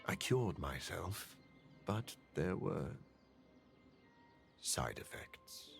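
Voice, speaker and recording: An actor voicing a calm male scientist vampire in a video game, with a deep, measured, clinical delivery. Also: creaky, faint music behind, heavily acted.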